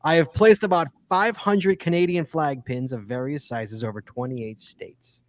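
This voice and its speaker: A man's voice: on the high side, steady tone, moderate pace. A man co-hosting a casual podcast, chatty and teasing as he reads listener emails aloud. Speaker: podcast co-host.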